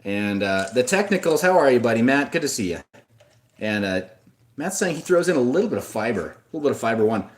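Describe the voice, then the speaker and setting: Fast and very animated, this livestream host speaks in a mid-range voice. His casual talk meanders as he responds to viewers' comments, frequently restarting his sentences and going off on asides.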